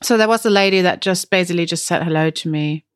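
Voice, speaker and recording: A woman's voice: lowish voice, fast talker, clear, resonant tone, dry recording, clean studio sound. A woman with a German accent, co-hosting a podcast in a chatty storytelling manner and laughing often. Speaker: podcast co-host. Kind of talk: casual chat.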